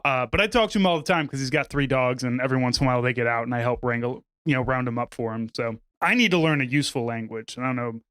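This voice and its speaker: A man's voice: medium pitch, fast talker, hardly any pauses, fairly bright tone, smooth, dry recording, clean studio sound. A man in his thirties co-hosting a podcast, chatting in a rambling, self-deprecating way with casual swearing. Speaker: podcast co-host. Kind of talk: casual chat.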